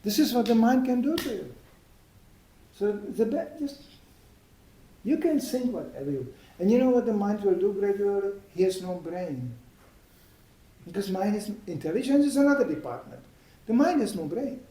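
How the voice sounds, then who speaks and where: A man giving an informal, anecdotal spiritual talk, chatty and quick to laugh at his own stories. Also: sits high, big pitch swings, dark tone. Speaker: devotional speaker. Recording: echoey room.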